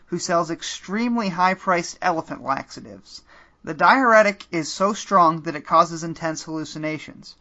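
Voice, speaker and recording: A man's voice: fairly high pitch, sharp tone. A man hosting a podcast, narrating a comedic choose-your-own-adventure story in a dry manner that sometimes cracks into laughter. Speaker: podcast host and game narrator. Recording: slightly muffled lo-fi audio.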